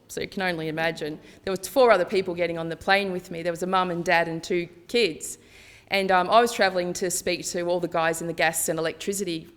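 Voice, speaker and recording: A woman giving a candid conference talk, chatty and acting out dialogue as she tells personal stories. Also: fairly low pitch. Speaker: conference speaker. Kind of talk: personal storytelling presentation.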